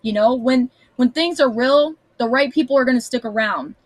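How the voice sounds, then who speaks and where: A woman's voice: high-pitched, moderate pace, no echo, poor audio. A woman giving a casual tarot reading to camera at home, chatty and blunt, swearing now and then. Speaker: tarot reader. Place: small house, indoors.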